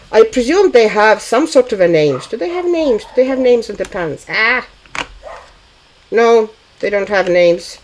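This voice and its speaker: Slow-talking woman on a livestream, thinking out loud with lots of uhs, chatty with viewers. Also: on the low side, rough recording. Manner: musing, thinking aloud with hesitant fillers. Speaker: livestream host. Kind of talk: casual livestream chat while painting.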